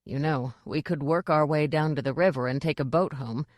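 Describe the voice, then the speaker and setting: A woman's voice: moderate pace, no echo, studio quality, natural voice. A woman voicing an evasive, wheedling male dwarf playwright. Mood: sheepish. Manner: wheedling, low and sheepish.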